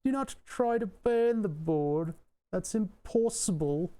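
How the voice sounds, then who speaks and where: A man putting on a slow, solemn mystic boy with a thick accent. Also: sits high, animated, dark tone. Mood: cryptic. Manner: slow, drawn-out, cryptic.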